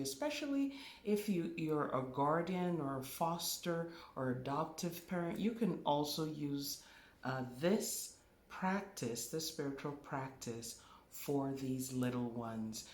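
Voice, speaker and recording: Spiritual teacher leading a class: unhurried, emphatic, repeats key words; roomy echo. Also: mid-range voice, lively intonation.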